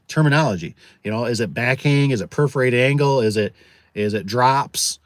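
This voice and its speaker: A man's voice: mid-range voice, lively intonation, fairly quick, no room sound. Rambling man chatting live. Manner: rambling, with many restarts, reads viewer comments aloud. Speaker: garage door business owner, channel host. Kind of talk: casual livestream chat.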